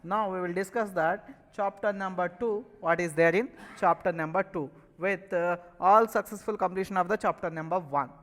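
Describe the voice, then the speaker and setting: A man's voice: high voice, normal speed, hardly any pauses, a bit bright, big-room sound, poor audio. A man with an Indian English accent teaching a maths lesson, repeatedly asking questions and answering them himself. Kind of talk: online classroom lesson.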